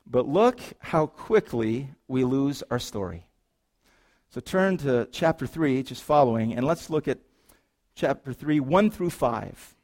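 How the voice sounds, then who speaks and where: A man's voice: mid-range voice, expressive, a little slow, darkish tone. A man preaching a sermon as pastor, reading scripture and then riffing on it with playful asides and rhetorical questions to the congregation.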